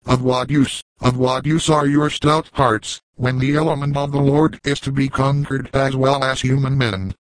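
A man's voice: mid-range voice, flat delivery, normal speed, hardly any pauses, no room sound, close to an everyday voice, low-quality recording. A man voicing a grim, solemn old frontier trapper who speaks in weighty, archaic phrases. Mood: grave warning. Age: older.

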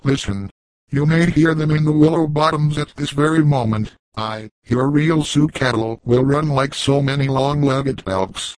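A man reading the part of a calm, dignified aged trapper, speaking in grave, old-fashioned phrases. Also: on the high side, unhurried, dry recording, natural voice, poor audio. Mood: urgent.

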